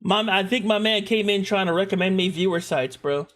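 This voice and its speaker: A young man with a high voice talks briskly while streaming live, reacting to a video. He jokes around, stays animated, and keeps chatting with his viewers.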